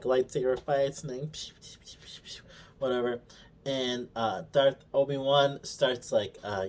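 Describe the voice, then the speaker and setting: A man co-hosting a review show, recapping episodes in a casual, sarcastic way, swearing constantly and mockingly acting out the characters' lines. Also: medium pitch. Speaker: show co-host reviewing a TV series.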